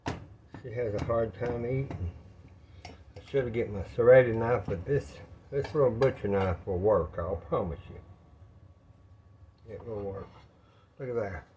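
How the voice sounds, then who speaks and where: A man's voice: on the low side, a little slow, long pauses, mellow, highs cut off, a little hiss or hum. A man, chatting in a folksy, rambling way to his viewers while he cooks in his home kitchen. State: out of breath. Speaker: home cooking vlogger. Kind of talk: casual cooking talk to viewers.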